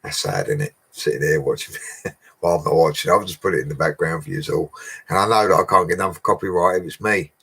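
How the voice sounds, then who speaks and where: A man's voice: deep voice, fast talker, creaky, bright, forceful tone, breathy edge. A man, a bricklayer casually answering live chat questions in a matey, chatty way and laughing often. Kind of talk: casual livestream Q&A.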